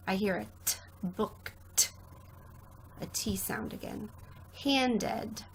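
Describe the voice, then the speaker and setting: A woman's voice: medium pitch, gravelly, fairly bright tone, a little hiss or hum, low-quality recording. A woman teaching a recorded spelling lesson, explaining patiently step by step with frequent "um"s. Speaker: spelling tutor.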